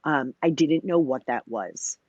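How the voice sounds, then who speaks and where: A woman's voice: extremely low pitch, lively intonation, measured pace, darkish tone, husky, dry recording, lo-fi sound. A woman in her thirties, a company founder, tells her story in a casual interview. She is long-winded, scatters "you know" and "like" through her talk, and acts out the lines she quotes. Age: 30s.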